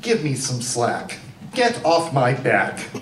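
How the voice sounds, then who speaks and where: A man's voice: mid-range voice, sing-song, slow, noisy background. A man putting on a haughty aging starlet. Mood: indignant. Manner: defensive and theatrical, rhyming a cappella lines. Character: aging woman film starlet, haughty, cleanliness-obsessed, indignant. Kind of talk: live comic a cappella storytelling. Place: theater stage. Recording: roomy live theater sound from a distant mic.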